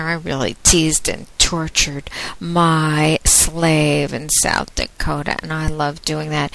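Woman, lowish voice, unhurried, teasing, casual blog talk. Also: gravelly, a bit bright, rough recording. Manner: slow, teasing, drawn-out delivery. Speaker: adult webcam domme blogging. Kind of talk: casual spoken audio blog.

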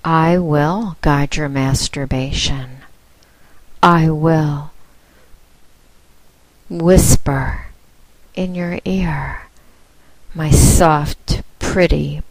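Slow, low-voiced sultry woman. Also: no room sound, rough recording. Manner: slow, teasing and commanding, dropping at times to a whisper. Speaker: adult phone-line performer. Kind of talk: sultry recorded phone-line ad.

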